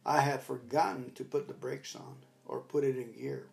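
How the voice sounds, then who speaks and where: A man's voice: mid-range voice, fairly even intonation, moderate pace, gravelly. An older man telling a rambling personal story in a casual, reflective talk. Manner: rambling storyteller, bursts into loud commands when retelling. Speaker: recovery talk speaker.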